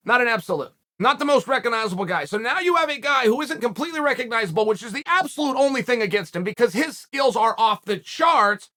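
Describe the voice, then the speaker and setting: Talking directly to viewers he addresses as "guys," this man holds forth on his own show in a casual but loud monologue. His very high, bright voice carries a forceful, self-assured edge as he drives each point home emphatically.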